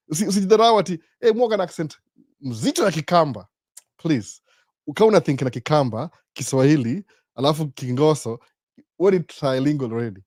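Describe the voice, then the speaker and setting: Hosting a live Q&A, a man in his 40s poses rhetorical questions to himself as he explains, switching between English and Swahili. He speaks with animation at a medium pitch, and the studio recording is clean, with no room sound.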